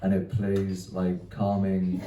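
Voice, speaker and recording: A man's voice: low-pitched, completely flat delivery, takes it slowly, reverberant, distant mic. A male stand-up comedian telling crude, loose stories and chatting with the crowd in a small comedy venue.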